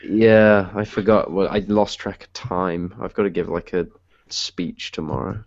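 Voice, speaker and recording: Tired low-voiced man on a call. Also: fairly even intonation, a little slow, creaky, darkish tone. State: tired late at night. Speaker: online hangout participant and writer. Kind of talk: casual group video chat. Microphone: computer mic on a video call. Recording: muffled lo-fi call audio.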